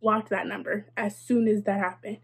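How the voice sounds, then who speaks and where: A woman's voice: mid-range voice, little pitch movement, moderate pace, slightly rough. A young adult woman telling a casual storytime, chatty and sarcastic, with lots of "like" and wry asides. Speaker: vlogger.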